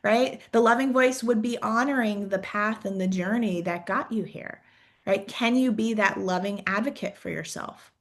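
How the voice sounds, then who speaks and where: Speaking at a moderate pace in a mid-range voice, a female career coach talks encouragingly and conversationally. She often asks reflective questions and peppers her speech with "right?".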